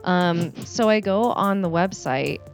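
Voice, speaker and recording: A woman in her late twenties talks slowly and a little sheepishly as she co-hosts a casual podcast. Her voice sits on the low side, and faint music plays behind her. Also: animated. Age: 20s. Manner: sheepish, storytelling, giggly. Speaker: podcast co-host. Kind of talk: casual chat.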